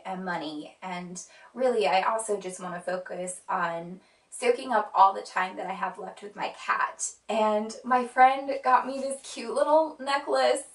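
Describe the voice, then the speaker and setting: A young woman vlogger talking casually and earnestly, with frequent fillers. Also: medium pitch. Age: young adult. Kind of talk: casual chat. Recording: roomy sound from a distant mic.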